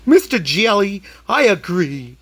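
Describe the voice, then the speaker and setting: Gloomy storybook fish, read by a man: slow, mopey, lifted pitch. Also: sing-song, fairly bright tone, breathy edge, full character voice. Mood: glum. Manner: singsong mournful chant. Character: gloomy moping male fish.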